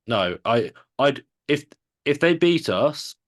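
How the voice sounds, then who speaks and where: An English man co-hosting a sports podcast, talking in a measured, hesitant way. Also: mid-range voice, very animated. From England. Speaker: podcast co-host. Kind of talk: casual sports chat.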